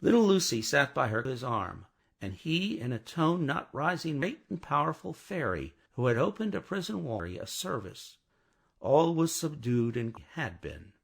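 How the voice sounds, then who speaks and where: A man reading a classic novel aloud as an audiobook narrator, with expressive delivery. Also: mid-range voice, measured pace, creaky, breathy edge.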